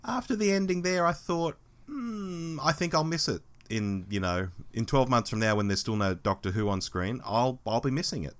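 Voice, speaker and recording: A man with a hoarse voice, co-hosting a casual podcast chat in an animated, mock-scolding way. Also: medium pitch, moderate pace. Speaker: podcast co-host.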